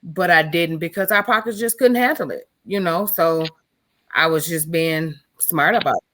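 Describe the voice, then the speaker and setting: A woman's voice: on the low side, moderate pace, a bit bright. A middle-aged mother talking frankly and bluntly about raising her kids, in a casual chat.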